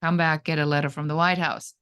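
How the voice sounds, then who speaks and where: A middle-aged businesswoman from Germany recounts her comeback as an interview guest. Her delivery is animated and dramatic, with pitch jumping up when she acts out what people said. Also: fast, smooth. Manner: animated, dramatic storytelling with acted-out quotes. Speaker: guest, entrepreneur. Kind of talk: storytelling in an interview.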